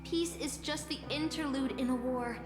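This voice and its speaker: An actress voicing a cool, skeptical young woman who serves her master in a video game, speaking in a measured, guarded way. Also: high-pitched, lightly acted. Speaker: servant character in a game. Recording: reverberant game audio over music.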